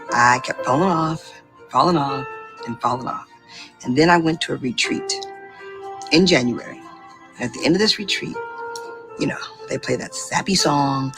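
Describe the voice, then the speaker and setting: A woman with a low voice tells her own story as a beauty consultant. She speaks in an animated, testimonial way with excited bursts. Faint music plays underneath. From Boston area. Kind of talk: personal testimonial.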